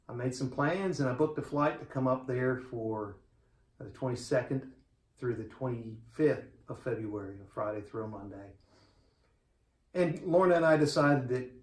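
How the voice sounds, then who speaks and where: A man in his forties giving a funeral eulogy for a close friend, telling the story in a quiet, heartfelt, conversational way. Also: mid-range voice. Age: 40s. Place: church sanctuary. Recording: roomy echo of a church.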